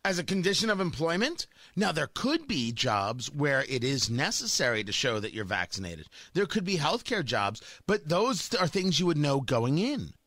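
A man's voice: on the high side, big pitch swings, normal speed, few pauses, fairly bright tone, no echo. A man delivering a sarcastic, combative opinion monologue as a talk show host.

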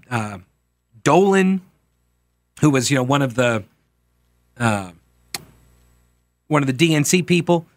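A man's voice: fairly high pitch, fairly bright tone, dry recording, studio quality. A man hosting a political talk radio show, speaking emphatically and conversationally, correcting himself as he goes.

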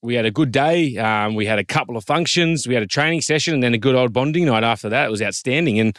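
An Australian man in his thirties, a former rugby league player telling an animated story in casual chat, quoting others in lively voices. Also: medium pitch, fast talker, no room sound, clean studio sound.

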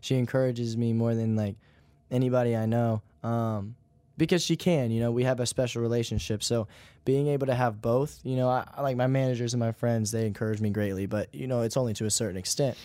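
A man's voice: mid-range voice, fairly quick, no echo. A young man, a musician guest in an interview, talking casually and rambling with lots of "like" and "you know". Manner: relaxed, rambling, heavy use of "like" and "you know".

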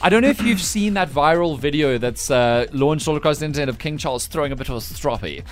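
A man hosting a breakfast radio show in casual, teasing banter, laughing often. His voice sits slightly high, with faint music behind. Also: expressive, quick pace.

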